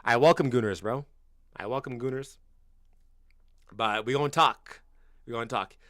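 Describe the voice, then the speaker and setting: A football fan from Canada, in his twenties, reacts to his livestream viewers in casual, blunt, slang-heavy talk, addressing everyone as bro and cursing freely. His voice is mid-range and moderately paced, and he periodically gets loud and incredulous. There's no echo, and the sound is studio quality.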